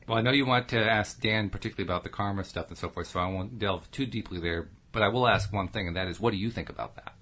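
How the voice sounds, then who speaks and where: A man's voice: on the low side, fast talker, few pauses, sharp tone. A middle-aged man co-hosting a podcast, chatty and telling stories with frequent laughs. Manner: chatty, storytelling, laughs often. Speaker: podcast co-host. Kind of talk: casual podcast chat.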